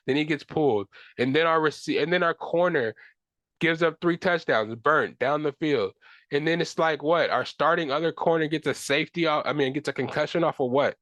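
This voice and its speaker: Young man, podcast host, frustrated rant, slangy and profane, slightly high voice, dry close sound. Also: fairly bright tone, no room sound. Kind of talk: solo sports talk.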